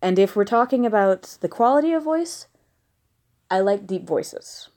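A woman's voice: medium pitch, animated, unhurried, darkish tone. A woman from the American South reading listener questions aloud and answering them frankly, with laughing asides. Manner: frank, blunt, giggly asides. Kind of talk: casual question-and-answer monologue. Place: at home with a dog nearby.

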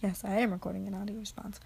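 This amateur audio creator sounds tired as she rambles late at night in a recorded answer, her medium-pitched voice creaky against slight background noise. She drifts into half-whispers, mocks herself and swears casually.

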